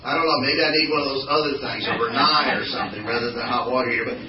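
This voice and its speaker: A man giving a folksy, animated church talk full of anecdotes, calling on the congregation for responses. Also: medium pitch, rapid-fire, a crowd in the background. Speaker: church speaker. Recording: echoey hall from far off, dull sound.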